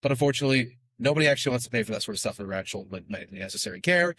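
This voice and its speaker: A man explaining as a podcast guest in a rapid, chatty way, full of fillers. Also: mid-range voice, animated, a bit bright, dry recording. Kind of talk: fast casual explanation.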